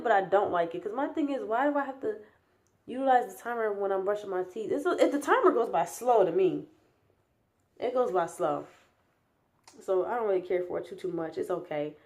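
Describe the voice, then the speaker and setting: In a casual, rambling vlog update, a young woman vlogger talks briskly at medium pitch, very animated yet with long pauses. She sounds tired and yawns now and then, lisping slightly because of new braces. Fillers and restarts run all through her chatty talk.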